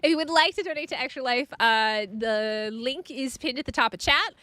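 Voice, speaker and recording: A woman streaming a video game live, commenting as she plays, excitable and quick to exclaim and laugh. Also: high voice, no echo.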